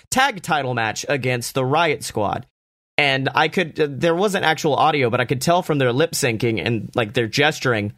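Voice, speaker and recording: A man's voice: medium pitch, no room sound, studio quality. A man giving a casual, sarcastic, profanity-laced recap of a wrestling show. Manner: sarcastic, profane, animated retelling.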